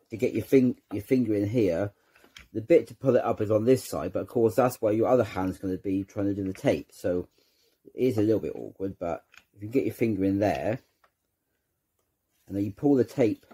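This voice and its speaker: A man's voice: on the low side, warm tone, slightly rough. A man hosting his channel, giving an unscripted how-to demonstration, hesitant and repeating words as he handles the object. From United Kingdom. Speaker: channel host demonstrating a product.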